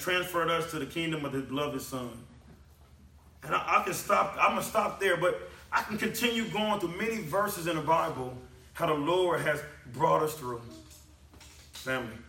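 A man preaching a sermon, repeating lines with emphasis and swinging from loud to soft. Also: a little high. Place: church hall. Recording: echoey hall from a distance.

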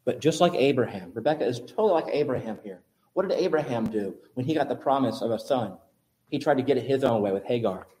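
A man pastor preaching a sermon in an animated, emphatic way. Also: medium pitch, quick pace.

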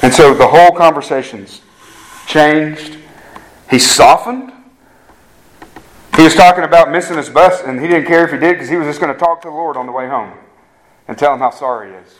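A man delivers a sermon as pastor in a fairly high voice, at a moderate pace with frequent pauses. Earnest and emphatic, he checks in with the congregation often and restarts his sentences by repeating their first words. Audio quality is low.

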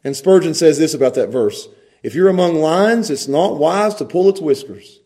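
A man preaches with a high, lively voice. He swings between loud, pressing emphasis and soft, quiet asides as he works through his sermon. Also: normal speed. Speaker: pastor.

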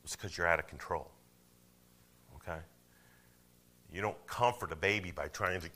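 A man preaching a sermon, talking conversationally and asking the congregation questions, swinging from loud to hushed. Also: deep voice, moderate pace, pauses often. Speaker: pastor.

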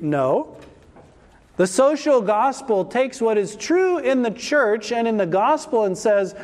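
A male pastor preaching a sermon emphatically, slowing down to stress key words. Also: extremely high pitch, animated, darkish tone, long reverb tail.

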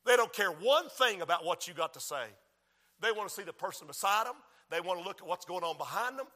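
A man's voice: high-pitched, lively intonation, fairly quick, sharp tone, in a large hall. A preacher voicing an accusing male devil who mocks and belittles his listener. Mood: scornful. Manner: mocking, belittling taunts.

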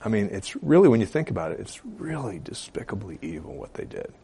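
A man's voice: on the low side, big pitch swings, a little fast, gravelly, slightly rough. Emphatic male pastor preaching. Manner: emphatic, swinging between loud stresses and quiet asides; hesitant fillers between phrases. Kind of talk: sermon.

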